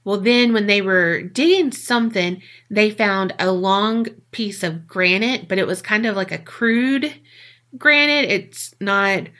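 A woman co-host narrating a strange tale in loose, conversational podcast style. Her voice is bright and forceful, and she swears casually as she goes. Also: medium pitch, slow. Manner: chatty, swears freely. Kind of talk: casual storytelling.

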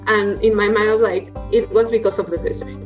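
A woman's voice: medium pitch, fairly even intonation, fast, dull audio, faint music behind. A woman from Mexico, a guest in a casual interview, talking thoughtfully and hunting for the right words. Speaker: podcast guest.

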